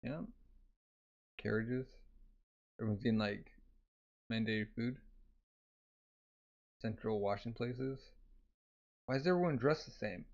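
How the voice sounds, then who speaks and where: A man's voice: medium pitch, slow, long pauses, a little mellow. A man reading a manga aloud in a casual way, adding laid-back asides full of fillers. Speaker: manga reader. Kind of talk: casual manga read-through with commentary. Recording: slightly dull lo-fi audio.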